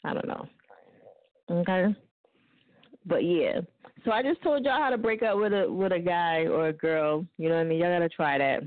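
Give me a woman radio host, loud and jokey, low voice on a dry, tinny phone-like line. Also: moderate pace, pauses often, no echo. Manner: loud, joking, laughs often, puts on voices for quotes. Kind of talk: casual call-in radio chat.

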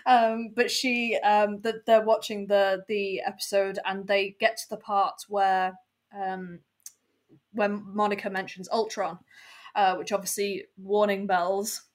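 A woman in casual chat about a TV episode, measured and hesitant, with many ums and frequent laughs. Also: medium pitch, little pitch movement.

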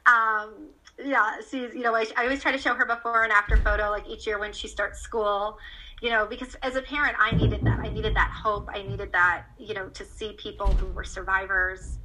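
A woman speaking as an interview guest about her child, earnest and animated, with frequent fillers and restarts. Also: mid-range voice, normal speed, faint music behind, poor audio. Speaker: guest, parent of a child cancer survivor. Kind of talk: candid conversational interview.

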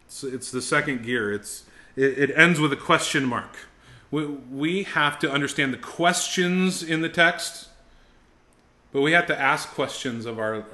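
Male ministry instructor, middle-aged, sharp bright voice, fervent classroom delivery, repeats himself as he builds. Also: mid-range voice. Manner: intense, emphatic, rising to fervent exhortation; frequent word repetitions and restarts. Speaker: ministry school teacher. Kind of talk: classroom teaching on preaching.

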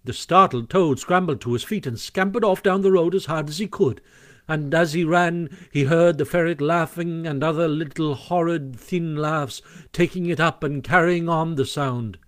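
Man reading a storybook aloud, animated, bit high-pitched, dead dry recording. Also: normal speed, no echo. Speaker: audiobook narrator. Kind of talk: scripted storybook narration.

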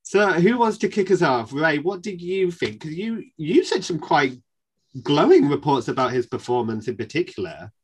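A husky man with a Northern English accent hosts a panel chat. His voice is lively and ranges up and down as he talks in a chatty, quick way. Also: a little high. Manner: chatty, quick, laughs easily. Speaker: podcast host.

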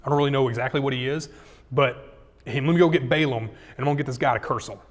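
A man's voice: mid-range voice, fast talker, natural voice. A man voicing a worried, pushy king in chatty slang, with echoey hall sound.

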